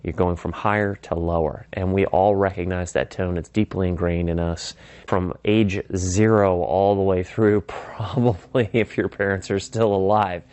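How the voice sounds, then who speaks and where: A man with a fairly low voice explains sales persuasion in a relaxed teaching style. He keeps breaking off to act out sample phone calls, switching voices for each side. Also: moderate pace, clear, resonant tone, no room sound. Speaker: sales trainer. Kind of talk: instructional talk.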